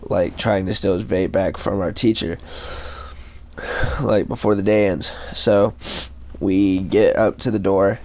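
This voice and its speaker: A young man tells a story from his school days in a loose, rambling way. His voice sits fairly low, and he keeps filling gaps with loose filler words and casual swearing. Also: steady tone, unhurried, long pauses, darkish tone. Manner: rambling, laid-back, full of fillers and swearing. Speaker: vlogger telling a school story.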